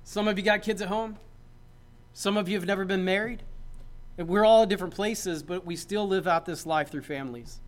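A man's voice: high-pitched, a little fast. A man, a pastor, preaching a sermon in a conversational, joking way that builds to emphatic points.

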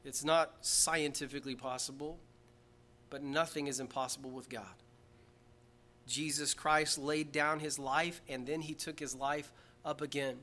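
A man preaching an Easter-style sermon in a bright, forceful voice pitched a little high. He moves from quiet earnest stretches to loud, emphatic climaxes, reading scripture aloud along the way. Recorded in a church. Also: fairly even intonation, measured pace. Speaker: pastor.

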